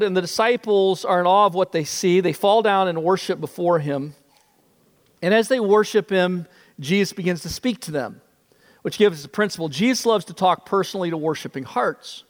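High-voiced preacher man, reverberant. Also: moderate pace. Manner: emphatic, building repetition. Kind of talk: sermon. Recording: long reverb.

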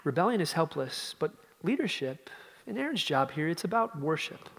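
Emphatic preacher, high voice, reverberant hall. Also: male voice, very animated, moderate pace, creaky, slightly rough. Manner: emphatic, swings from loud to hushed. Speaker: pastor. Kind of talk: sermon.

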